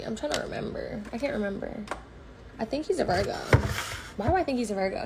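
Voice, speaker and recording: A young woman, telling a story on a livestream in a blunt, slangy, profane, animated way. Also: fairly high pitch, fast talker, gravelly, background noise.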